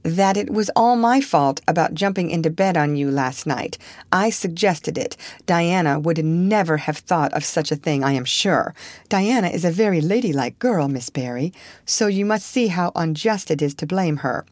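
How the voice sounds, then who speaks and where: Impulsive orphan girl, read by a woman, eager, lively, dry recording. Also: on the low side, normal speed, no room sound, lightly acted. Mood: pleading. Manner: eager, breathless, earnest pleading. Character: dreamy talkative orphan girl, impulsive, earnest.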